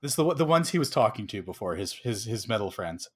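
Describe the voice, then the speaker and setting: A man's voice: on the low side, sing-song, fast talker, breathy edge. A man co-hosting a casual podcast, animatedly retelling a scene and acting out characters' lines. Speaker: podcast co-host. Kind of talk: casual chat.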